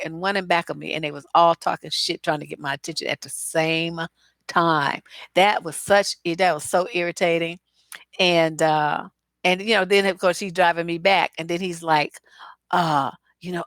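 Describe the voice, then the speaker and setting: A woman's voice: on the low side, moderate pace, fairly bright tone, dry recording. A woman relationship coach answering viewer questions on a live stream in a blunt, profane, acerbic way, full of asides and mock dialogue. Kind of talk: live-stream advice chat.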